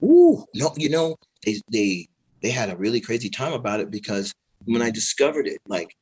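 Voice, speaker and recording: A middle-aged man, a guest on an interview show, telling stories in a relaxed way, laughing often and acting out what others said. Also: fairly low pitch, fairly quick, husky, low-quality recording. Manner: animated, laughing storyteller who acts out quoted voices. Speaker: guest, pro skateboarder and musician. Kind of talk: casual interview storytelling.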